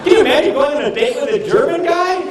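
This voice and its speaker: A man doing a stand-up comedy set, animated and mocking, acting out little voices. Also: extremely high pitch, fast, noisy background. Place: live comedy venue with audience. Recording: echoey room, mic from a distance, crowd audible.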